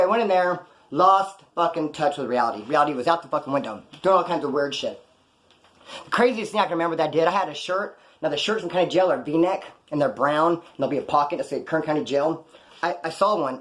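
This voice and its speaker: A man spins rough, rambling stories at a rapid clip, peppered with profanity. His voice sits a little high, and his tone stays wry and offhand. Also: fairly bright tone. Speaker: vlogger recounting jail stories. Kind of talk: casual storytelling.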